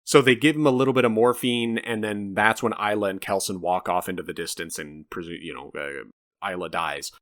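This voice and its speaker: A man co-hosting a podcast, chatting casually about a film in an animated, rambling way with some swearing. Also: deep voice, brisk. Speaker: podcast co-host. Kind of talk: casual film review chat.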